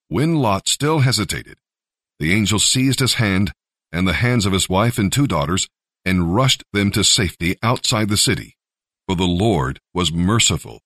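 Low, expressive male narrator. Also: moderate pace, no echo, clean studio sound. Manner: expressive storytelling. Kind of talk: scripture reading.

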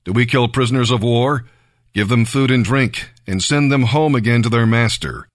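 A man voicing a calm, confident prophet in a Bible reading, speaking slowly and evenly. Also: mid-range voice, dry recording, clean studio sound, close to an everyday voice.

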